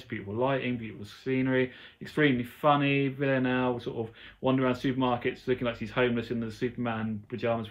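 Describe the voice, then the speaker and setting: A man's voice: medium pitch, highs cut off. A man hosting his own podcast, giving a chatty, rambling, enthusiastic review of a TV episode. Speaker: podcast host. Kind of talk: casual solo TV review.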